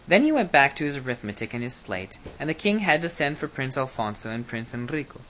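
A storyteller reading a fairy tale aloud, expressive, with small slips and self-corrections. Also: mid-range voice, brisk, hardly any pauses.

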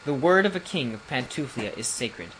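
A stubborn old storybook king, blustering and barking commands in a raised, loud voice, as a man reading aloud puts him on. He speaks in a slightly high, ordinary register, with a faint hiss of noise behind him. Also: sing-song, normal speed, poor audio. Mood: savage.

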